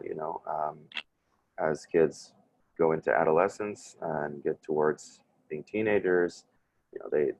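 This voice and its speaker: This is a man with a deep, gravelly voice, presenting a parent wellness workshop over a video call. He talks in a halting, conversational way, backing up and restarting his sentences as he goes. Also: darkish tone. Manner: hesitant, full of fillers and restarts. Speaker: social worker leading a parent workshop.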